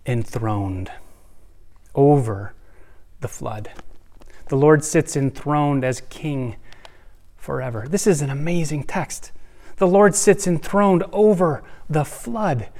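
An earnest pastor in his thirties with a slightly higher voice delivers a sermon. He sinks into hushed, soft phrases and then climbs to forceful emphasis. His preaching keeps a steady, heartfelt pull. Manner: earnest, swings between soft hushed lines and rising emphasis.

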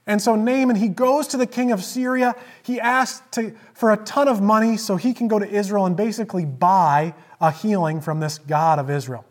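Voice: medium pitch, steady tone, normal speed, hardly any pauses. Preacher retelling a scripture story. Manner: storytelling with emphatic repetition; swings between loud emphasis and hushed asides. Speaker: pastor. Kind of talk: sermon.

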